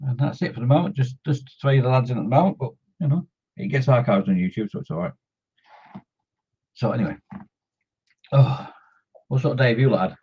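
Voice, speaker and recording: Chatty man, husky muffled voice. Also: mid-range voice, a little fast, long pauses, mellow. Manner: chatty, greets viewers by name, jokey. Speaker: scale model hobby streamer. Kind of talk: casual live-stream chat while modelling.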